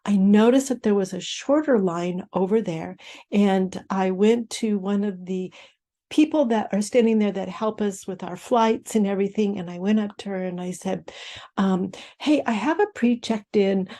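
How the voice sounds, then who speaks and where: A woman hosting an inspirational talk, speaking in a gentle, reflective way and walking through a personal example. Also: medium pitch, moderate pace. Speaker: host.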